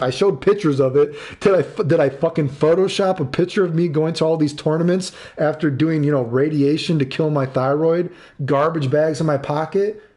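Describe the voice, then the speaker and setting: A man's voice: fairly high pitch, dark tone. A man in his thirties streaming live, ranting angrily and swearing, repeating himself and answering chat. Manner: angry, profane, repeats himself.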